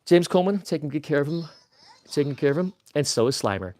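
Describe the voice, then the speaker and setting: A man hosts a laid-back livestream from a room crammed with toys. He rambles goofily and reads the chat aloud, and his pitch jumps around a lot. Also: lively intonation, fast, darkish tone, slight background noise. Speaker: livestream host. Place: toy-filled room.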